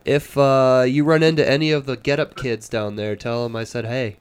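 A man's voice: mid-range voice, steady tone, normal speed, a crowd in the background. A young man hosting a casual chat, laid-back and joking, with casual swearing. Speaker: podcast host.

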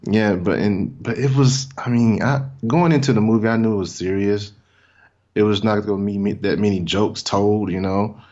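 Low-voiced laid-back man on a dull recording. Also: fairly even intonation, normal speed, darkish tone. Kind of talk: casual movie chat. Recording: dull lo-fi sound.

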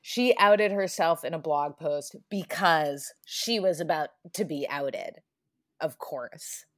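A woman with a somewhat low voice co-hosts a podcast in casual chat. She tells a story loosely, in easygoing slang. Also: slow, a bit bright. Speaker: podcast co-host.

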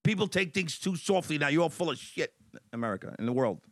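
A man's voice: on the high side, animated, quick pace, no echo, clean studio sound. A man talking as a guest on a podcast, blunt and profane, ranting his opinions. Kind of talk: casual podcast chat.

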